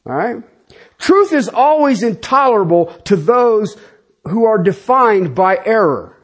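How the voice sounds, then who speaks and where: With a high-pitched, breathy-edged voice, a pastor in his fifties preaches conversationally and with lively energy. He speaks casually to the congregation in asides.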